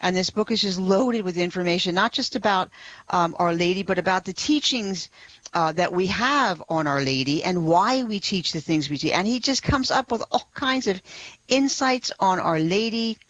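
A woman who is a guest on a radio talk show, explaining her subject with warm enthusiasm and soft laughs. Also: lowish voice, lively intonation, moderate pace, no echo, muffled recording. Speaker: radio guest, blog writer. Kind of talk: radio interview.

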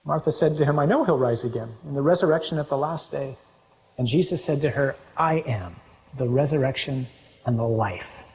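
A man preaching a sermon, reading scripture aloud with animated, rising emphasis. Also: medium pitch, normal speed. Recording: long hall reverb.

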